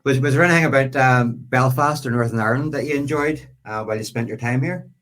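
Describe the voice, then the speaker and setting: A man's voice: mid-range voice, quick pace, fairly bright tone. A man hosting a casual interview, asking short questions. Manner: brief prompts and backchannel agreement. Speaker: interview host.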